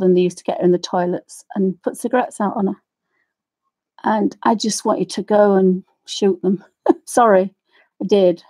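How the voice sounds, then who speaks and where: Demonstrating colouring on her craft tutorial, this middle-aged woman rambles along, ranting at times and frequently apologising for going off on tangents. Her voice is medium-pitched and dark in tone, with fairly even intonation and a moderate pace.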